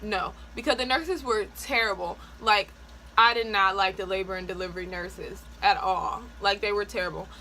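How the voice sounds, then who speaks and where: A woman vlogger telling a personal story in a casual, animated way, full of "like" and quick laughs. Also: mid-range voice, a little hiss or hum, poor audio. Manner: chatty, animated, frequent "like" and laughs.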